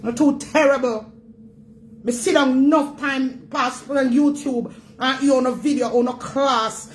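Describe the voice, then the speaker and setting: A woman's voice: sits high, fairly even intonation, measured pace, a little hiss or hum, rough recording. A Jamaican woman hosting a vlog, scolding and emphatic in her Jamaican Patois, repeating her points as she rants. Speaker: vlog host. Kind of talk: ranting commentary.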